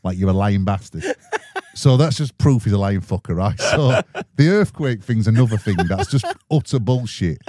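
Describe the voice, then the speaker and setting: A man's voice: mid-range voice, lively intonation, normal speed, dark tone, slightly rough, no echo. A man with a Sheffield accent telling rowdy, sweary anecdotes in a casual podcast chat and acting out the voices in them. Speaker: guest musician.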